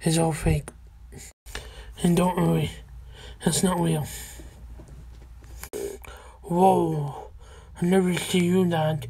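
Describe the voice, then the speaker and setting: Woman vlogging on her channel, low flat voice, halting stop-start talk. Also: slight background noise. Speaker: channel host. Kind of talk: casual video chat.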